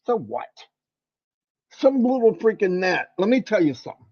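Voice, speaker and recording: Man, high voice, motivational host, animated, lo-fi muffled audio. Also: moderate pace. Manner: animated, preachy, folksy pep talk. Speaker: livestream host. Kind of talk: motivational livestream talk.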